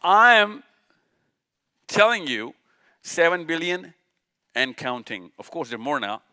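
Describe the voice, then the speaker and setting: A man's voice: on the high side, big pitch swings, unhurried, sharp tone, clean tone. A man from Pakistan, giving an impassioned religious lecture to a live audience, firing off rhetorical questions and repeating his points for emphasis. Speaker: speaker at a live session.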